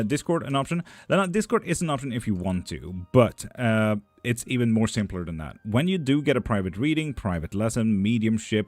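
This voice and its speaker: Male live-stream reader, low voice, very lively pitch. Reads chat aloud, then answers dry and teasing. Soft music in the background. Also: no room sound.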